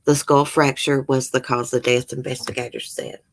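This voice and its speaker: A woman's voice: a bass voice, flat delivery, normal speed. A woman hosts a casual true-crime chat. She reads news aloud, breaks off with blunt remarks and gets openly emotional. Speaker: channel host.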